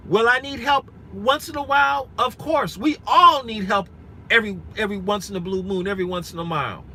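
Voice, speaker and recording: Bright-voiced frank man in his forties. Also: sits high, a little fast, a little hiss or hum, rough recording. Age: 40s. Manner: frank and earnest, repeats himself, many restarts. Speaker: rideshare driver vlogger. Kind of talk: live-stream chat with viewers. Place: inside a rented SUV.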